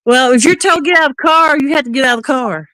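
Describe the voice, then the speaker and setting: A woman's voice: high-pitched, quick pace, no room sound. A woman on a live talk stream casually telling a long story, acting out the back-and-forth dialogue as she goes. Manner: animated, acts out quoted dialogue.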